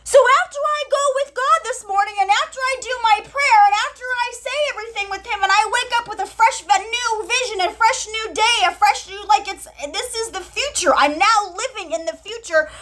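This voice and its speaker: Excitable high-voiced woman streaming live. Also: normal speed. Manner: excited, breathless, repeats herself, tells stories with quoted dialogue. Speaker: spiritual channel host. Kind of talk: live spiritual talk to viewers.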